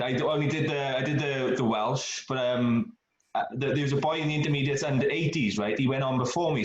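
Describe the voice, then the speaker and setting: A man, a bodybuilder guest on a podcast, telling stories in a relaxed, casual way. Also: medium pitch. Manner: relaxed anecdotal storytelling. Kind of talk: casual chat. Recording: echoey room.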